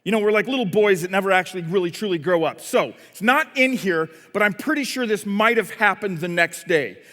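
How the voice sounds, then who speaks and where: A man's voice: high-pitched, lively intonation, brisk, sharp tone. A male pastor preaching a sermon, telling the story dramatically and acting out scenes, recorded in a church with long reverb. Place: church sanctuary.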